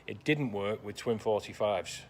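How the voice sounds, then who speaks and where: A man's voice: on the low side, unhurried, darkish tone, a little hiss or hum. Dry, sarcastic man in a workshop. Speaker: classic car restorer. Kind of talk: workshop vlog narration.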